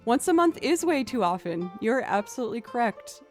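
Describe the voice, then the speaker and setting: A woman's voice: fairly high pitch, big pitch swings, brisk, a little mellow, soft background music. Chatty young woman streaming from home. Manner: chatty and rambling, thanking viewers between anecdotes. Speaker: musician streamer. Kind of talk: casual livestream chat.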